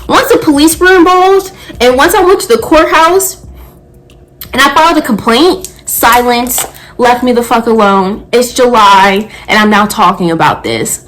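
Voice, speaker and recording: A woman in her twenties, a nail technician, telling a story in a blunt, profane, animated rant. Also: fairly high pitch, normal speed, poor audio. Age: 20s.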